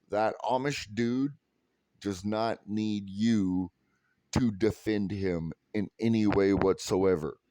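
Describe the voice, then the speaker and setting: A man's voice: on the low side, a little mellow, no room sound. A man from California telling a heated, sarcastic story full of swearing, in a profane rant. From California, USA. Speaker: vlogger.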